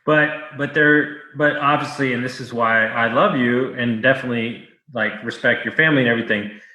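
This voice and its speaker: Bright-toned podcast host in an echoey room. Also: male voice, mid-range voice, fairly even intonation. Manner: eager, supportive, quick to jump in. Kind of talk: casual chat.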